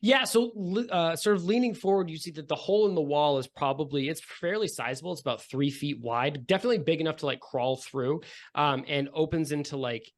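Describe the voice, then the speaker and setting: A man's voice: a little high, brisk. A man running a tabletop game as game master, describing scenes in a loose, rambling way full of fillers.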